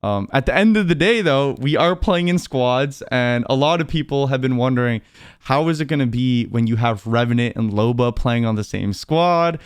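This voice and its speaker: A man's voice: medium pitch, expressive, moderate pace, smooth, dry recording, clean studio sound. A man hosting a casual video-call interview, chatty, laughing often and talking with many fillers. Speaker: interviewer and streamer host.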